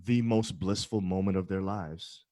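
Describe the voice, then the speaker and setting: Male pastor guest on a talk podcast, somewhat low voice, emphatic and affirming. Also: a little slow, warm tone, no room sound, clean studio sound. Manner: emphatic, affirming, speaks in building phrases. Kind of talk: casual conversation.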